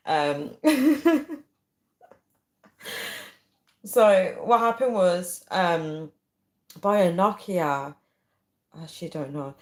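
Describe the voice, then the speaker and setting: A woman's voice: on the low side, lively intonation, unhurried, pauses often, reverberant. A woman hosting a casual livestream, rambling chattily with frequent ums as she reads viewer comments. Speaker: livestream host. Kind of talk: casual live chat, reading viewer comments.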